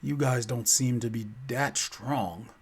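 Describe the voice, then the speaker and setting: A man voicing a calm, powerful rich man who talks quietly and unbothered, in a told story. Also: medium pitch, takes it slowly, breathy edge, pitched below the performer's own voice.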